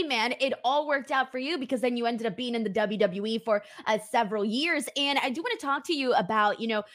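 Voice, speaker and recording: A woman's voice: fairly high pitch, a bit bright. A woman hosting an interview, chatty and upbeat, laughing along with her guest. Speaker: interview host. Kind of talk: casual interview.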